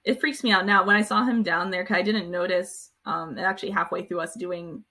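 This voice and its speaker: A woman's voice: on the low side, steady tone, a little fast, pushed and bright. A young woman co-hosting a podcast, chatting casually and hesitantly, searching for words. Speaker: podcast co-host. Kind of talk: casual chat.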